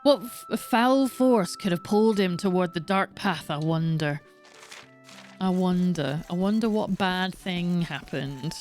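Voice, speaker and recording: A woman voicing a reflective old man who muses slowly over the past. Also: fairly low pitch, darkish tone, faint music behind, pitched below the performer's own voice, natural voice. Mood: musing. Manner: slow, musing.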